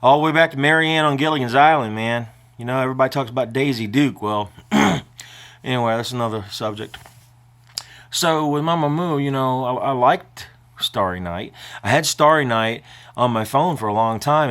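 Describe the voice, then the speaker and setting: A man's voice: mid-range voice, moderate pace, fairly bright tone. An older man vlogging in a casual, rambling way, emotional and prone to choking up as he talks.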